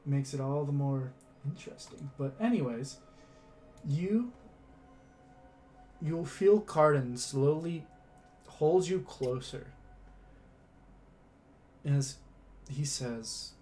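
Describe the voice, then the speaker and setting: A man narrating a tabletop role-playing scene as game master, in a slow, hushed, dramatic way. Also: a little high, a little hiss or hum.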